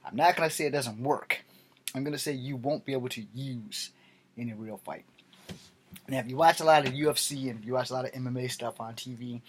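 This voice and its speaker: A middle-aged man talks late at night, tired and blunt. His rant rambles and he swears freely, holding a plain, casual manner as he speaks to the camera. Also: mid-range voice. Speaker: vlogger.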